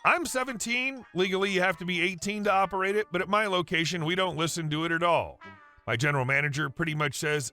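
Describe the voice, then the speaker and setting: A man with a high, bright voice reads stories aloud in a brisk, even, scripted way. Soft music sits faintly beneath him. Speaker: narrator of reddit stories. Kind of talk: scripted story narration.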